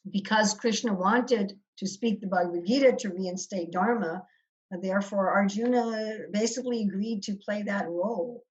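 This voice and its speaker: A woman's voice: medium pitch, highs cut off. A woman leading a scripture discussion as a spiritual teacher, speaking thoughtfully and often restarting her phrases. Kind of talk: teaching over a video call. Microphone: video call.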